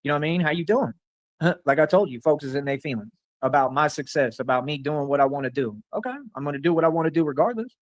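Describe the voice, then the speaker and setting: Fast-talking, boastful man ranting on a livestream. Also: fairly high pitch, animated, no room sound. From Rio Grande Valley, Texas. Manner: boastful, rambling, repeats filler phrases; angry and confrontational.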